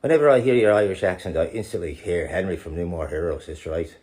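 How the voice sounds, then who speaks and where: A man with a deep, low-set voice chats through a live fan Q&A, reading messages aloud and answering them with easy, teasing humor. He drops in fond asides to the audience as he goes. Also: quick pace, a little mellow. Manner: playful, jokey, calls fans darling. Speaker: voice actor answering fan questions.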